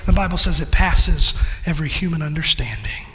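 Guy preaching a sermon, high bright voice, swells up to shouting, long echo like a church hall. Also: lively intonation, a little fast, hardly any pauses, faint music behind. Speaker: pastor.

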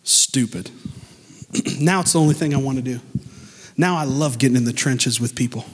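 A pastor preaching a sermon in church, animated and emphatic, speeding up and slowing down and swinging between loud and soft. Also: male voice, medium pitch, slightly rough, big-room sound. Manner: animated, emphatic preaching with sudden shifts in pace and loudness.

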